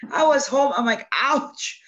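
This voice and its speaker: A woman chatting casually, telling a story with lots of laughter and lively acted-out quotes. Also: fairly low pitch, unhurried. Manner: animated storytelling, laughs often. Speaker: guest. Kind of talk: casual chat. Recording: dull lo-fi sound, faint noise.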